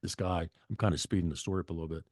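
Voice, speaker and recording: Middle-aged male guest, low voice, dry close sound, blunt and profane storyteller. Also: steady tone, racing, a little mellow, dry recording. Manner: blunt, profane, rambling with restarts. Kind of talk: casual storytelling.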